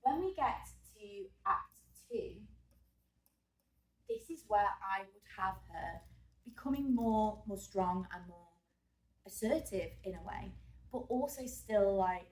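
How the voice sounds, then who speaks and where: A woman's voice: mid-range voice, expressive, slow, a little mellow, recorded from a distance. A woman who teaches drama walks through a revision lesson, chatting and thinking aloud, sometimes stopping to fix a slip. She was recorded in a school room with a roomy echo, and she sits some way back from the mic.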